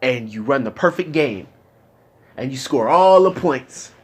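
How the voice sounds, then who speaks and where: A man's voice: medium pitch, animated, measured pace, a little mellow, breathy edge. A young man talking candidly with his therapist, frustrated and profane, his voice climbing into anger as he vents. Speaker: patient in therapy.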